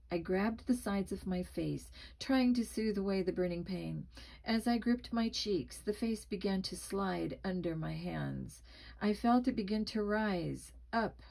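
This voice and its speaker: A woman reading a spooky children's book aloud, expressive and dramatic, with small slips. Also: mid-range voice, vocal fry, low-quality recording. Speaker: storybook reader.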